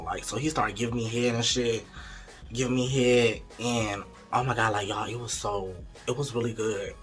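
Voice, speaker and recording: A man's voice: mid-range voice, a bit bright. A young man in casual storytime mode, chatty and candid, talking straight to his viewers. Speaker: vlogger.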